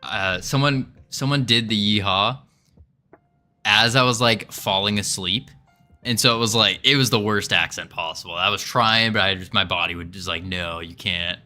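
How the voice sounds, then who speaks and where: A man's voice: on the low side, moderate pace, pushed and bright, soft background music. A man streaming his game development work, chatting casually and thinking aloud while he codes, joking and rambling as he goes. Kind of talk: casual live-stream chat while coding.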